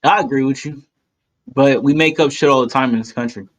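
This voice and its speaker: A man's voice: medium pitch, a little fast. A man hosting a casual podcast, blunt and argumentative, laughing between points. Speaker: podcast host.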